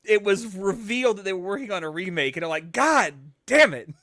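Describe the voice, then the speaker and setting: Male podcast co-host, animated rambler, bright, forward tone. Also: high voice, fast, dry recording. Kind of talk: casual podcast chat.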